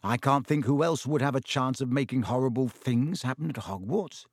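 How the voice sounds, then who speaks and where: A man's voice: mid-range voice, normal speed, no room sound, clean studio sound, close to an everyday voice. Man doing an earnest schoolboy wizard. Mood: coaxing. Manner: earnest and coaxing. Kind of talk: audiobook character voice.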